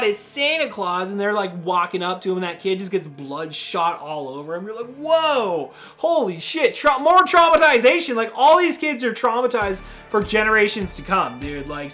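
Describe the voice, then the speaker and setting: A man hosting a podcast, casually recapping a horror movie in a rambling, profane way, full of "dude" and quick acted-out quotes. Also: high voice, fairly bright tone. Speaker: podcast host reviewing a horror film.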